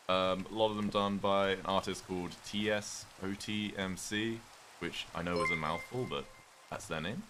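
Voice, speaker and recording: A young man with a British accent talking through a live game stream in a loose, rambling way, answering chat and thanking viewers. His voice sits low but sounds bright and forceful. Faint rain patters behind him. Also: slight background noise. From Britain. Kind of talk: casual livestream chat while gaming.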